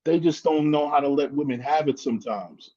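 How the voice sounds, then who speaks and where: A man's voice: a little high, fairly quick, mellow. Man on a dull lo-fi line, "you know what I mean". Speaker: guest. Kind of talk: casual chat. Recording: dull lo-fi sound.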